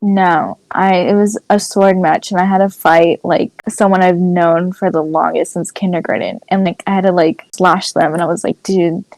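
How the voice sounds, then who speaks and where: Teen girl co-host, lively rambling storyteller, dry recording. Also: lowish voice, moderate pace, creaky, few pauses, dry recording, low-quality recording. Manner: animated storytelling, many "like" fillers. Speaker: podcast co-host. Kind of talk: casual chat.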